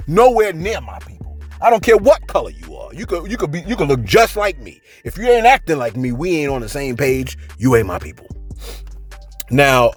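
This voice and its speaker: Husky guy ranting on his channel, keeps going "okay?", soft music behind. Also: a little high. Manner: animated, preachy, keeps checking in with "okay?". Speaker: commentary host and teacher. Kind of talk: casual commentary.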